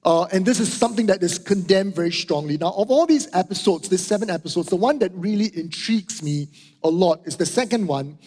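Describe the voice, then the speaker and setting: With a high, darkish voice, a middle-aged pastor from Singapore preaches a little fast and very expressively. His sermon leans on emphatic repetition of key phrases and frequent "right?" and "okay?", recorded with hall reverb.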